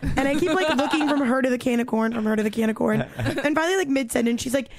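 A young woman telling a story in casual chat, animated, peppered with "like" and "dude" and swearing freely. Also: high-pitched, fast talker, dry recording, studio quality.

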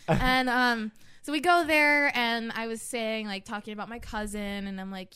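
Young woman, slightly high pitch, giggly and lively storyteller; podcast co-host. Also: normal speed, clean tone. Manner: lively, laughs often, swears casually. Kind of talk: casual chat, storytelling.

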